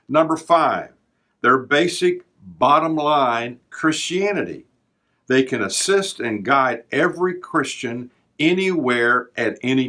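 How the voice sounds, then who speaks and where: A man's voice: mid-range voice, a bit bright. An older man hosting a devotional podcast, talking in an earnest, preacherly way as he works through a numbered list. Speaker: podcast host.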